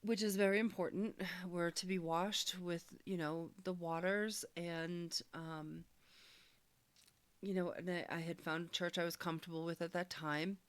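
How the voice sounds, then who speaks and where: A woman sharing a personal healing testimony, speaking in an earnest, searching, soft-spoken way. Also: fairly low pitch, steady tone, a little slow, dry recording.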